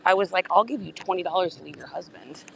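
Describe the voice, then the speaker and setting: A woman's voice: lowish voice, fast talker, gravelly, noisy background. A woman hosting a casual live stream from outdoor garage sales, chatty and often dropping into a whisper. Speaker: livestream host.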